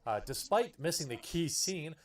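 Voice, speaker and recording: A man's voice: fairly high pitch, expressive, moderate pace. A man in a played video, giving scripted news-style commentary with a sarcastic edge. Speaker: YouTube commentator.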